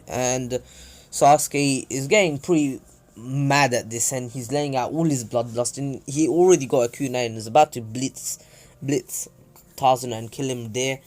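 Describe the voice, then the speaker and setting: A man's voice: mid-range voice, moderate pace, darkish tone. A man casually telling a fan-fiction story, rambling with lots of fillers. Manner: rambling, many fillers and restarts.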